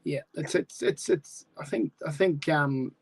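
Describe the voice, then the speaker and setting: A New man talks easily as a guest on a chat show, filling his answers with "yeah" and "you know". His voice sits a little higher than most men's. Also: measured pace, gravelly, breathy edge. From New Zealand. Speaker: speedway club guest. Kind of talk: casual interview answers.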